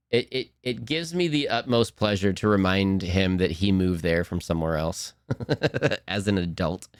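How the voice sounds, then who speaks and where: A young man, a streamer rambling casually to his chat, self-mocking and quick to laugh. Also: on the low side, clean tone, no echo, clean studio sound.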